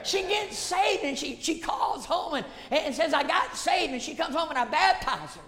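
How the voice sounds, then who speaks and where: A man, a pastor telling a folksy story in a sermon that builds to shouted passion. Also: very high voice, expressive, moderate pace. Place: church sanctuary. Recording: echoey church hall.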